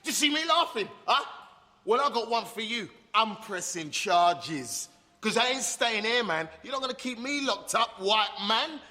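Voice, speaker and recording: A volatile taunting young patient. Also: male voice, sits high, expressive, full character voice. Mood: defiant. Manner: taunting, volatile, quick to shout. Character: defiant young male psychiatric patient. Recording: roomy reverb.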